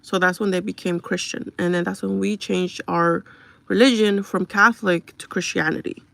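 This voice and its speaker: A woman's voice: medium pitch, fairly even intonation, moderate pace, gravelly, fairly bright tone, no echo. A young woman livestreaming from home on her phone, chatting casually and confidingly with viewers and bluntly brushing off trolls.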